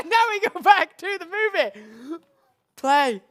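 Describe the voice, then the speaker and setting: Woman host, playful commentary, slow, lively pitch. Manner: amused, giggly.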